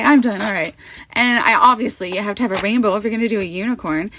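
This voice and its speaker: Hoarse, giggly woman narrating her crafting. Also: mid-range voice, a little fast, fairly bright tone, a little hiss or hum. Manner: bubbly and giggly, pokes fun at herself. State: hoarse from a cold. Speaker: card maker. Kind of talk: casual craft voiceover.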